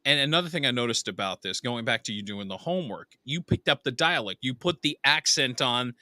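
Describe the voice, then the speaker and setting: Casting note: male host, high lively voice, dry close sound, eager and praising. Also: fairly quick, dry recording. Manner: enthusiastic, complimentary questioner. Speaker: podcast host. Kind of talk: casual interview chat.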